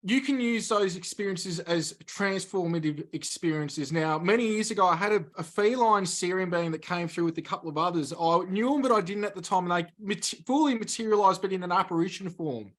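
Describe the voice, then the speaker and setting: A man being interviewed as a guest, explaining spiritual experiences in a measured, explanatory way. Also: high voice, fairly bright tone.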